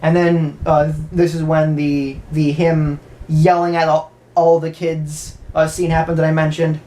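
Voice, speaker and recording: A woman's voice: low voice, level tone, unhurried, warm tone. A woman casually recapping a horror movie, rambling, stammering often and swearing freely. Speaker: movie reviewer.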